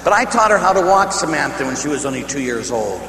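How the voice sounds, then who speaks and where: A man from Pittsburgh, a priest, preaching a sermon as animated, humorous storytelling, recorded in an echoey hall with a faint hum. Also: on the high side, fast. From Pittsburgh, United States.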